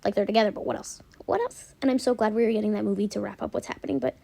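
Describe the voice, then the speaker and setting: A young woman chatting casually as a vlogger, gushing and animated as she recaps a show. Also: mid-range voice, very fast, vocal fry. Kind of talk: casual chat.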